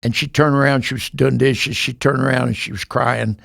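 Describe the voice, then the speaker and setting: A man's voice: mid-range voice, steady tone, normal speed, creaky, fairly bright tone, no echo, studio quality. A man in his sixties, a podcast guest telling his life story earnestly, acting out the dialogue he recounts.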